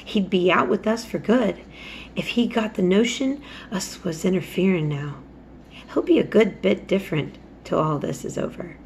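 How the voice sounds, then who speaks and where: A woman voicing a gentle, patient country boy who speaks softly in Yorkshire dialect. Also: fairly low pitch, gravelly, a little hiss or hum. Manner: hushed, soft-spoken.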